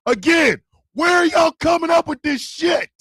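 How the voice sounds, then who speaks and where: A man hosting a radio talk show, giving comedic advice in a loud, profane voice and often shouting. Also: very high-pitched, expressive, normal speed, no room sound, studio quality.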